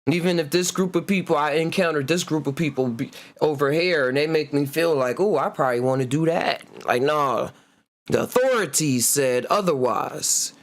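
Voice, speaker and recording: Podcast host, male, relaxed solo talk, slightly higher pitch. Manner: laid-back, laughs often, reads words out slowly. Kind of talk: casual solo chat reading etymology.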